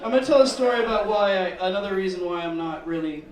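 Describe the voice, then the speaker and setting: Stand-up comic, male, high-pitched and deadpan, recorded in an echoey room from a distance. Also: fast talker, a crowd in the background. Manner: deadpan storytelling, swearing, acting out kids in squeals. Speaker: stand-up comedian. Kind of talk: stand-up comedy set. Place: comedy open mic room.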